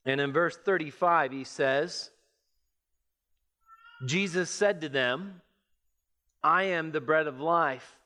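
A man preaching a sermon, reading scripture and explaining it with measured emphasis. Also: sharp tone. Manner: measured, emphatic preaching that rises in pitch as it builds.

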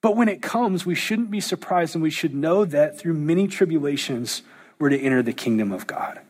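A man preaching to his church in a slightly high, husky voice. He is animated and lively, slipping into playful impressions of others as he goes. The sound rings with a long hall reverb. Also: normal speed. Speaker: pastor. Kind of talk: sermon.

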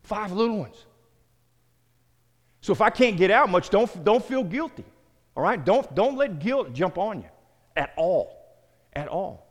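Teaching a small group in sermon style, a middle-aged pastor from the American South speaks in a high, sing-song voice at a measured pace. He repeats words, calls on people by name, and the hall echoes with long reverb.

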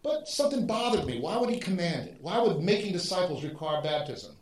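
Pastor, male, animated teaching style with restarts; a bit high-pitched, roomy echo. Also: a little fast. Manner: thinking aloud with restarts, animated emphasis. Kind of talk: teaching sermon.

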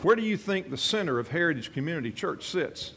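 A man's voice: a little high, very animated, fast talker, slight background noise. A man preaching a sermon as a pastor, telling a personal story earnestly and often restarting his phrases. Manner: earnest, repeats and restarts phrases, voices quoted prayers softly.

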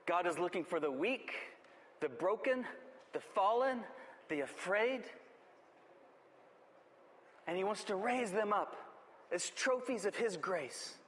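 A man's voice: high-pitched, a bit bright, long reverb tail. A male pastor preaching a sermon and reading a rhymed poem aloud, building emphasis as he goes.

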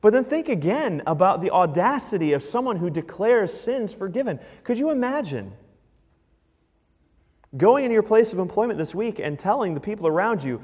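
A man's voice: sits high, very animated, moderate pace, darkish tone, long reverb tail. A man preaching a sermon as pastor, emphatic and punchy, in a church.

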